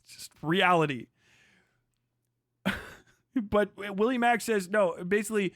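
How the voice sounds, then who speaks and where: A man's voice: high-pitched, animated, unhurried, long pauses, fairly bright tone, no echo, clean studio sound. A man ranting on a live stream, reacting to a video with profane, mocking commentary.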